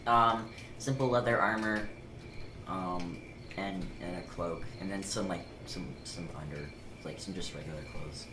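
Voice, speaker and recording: A woman describing her tabletop character in casual chat, halting with many ums and the odd curse. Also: rumbling low. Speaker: player. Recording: echoey room with background noise.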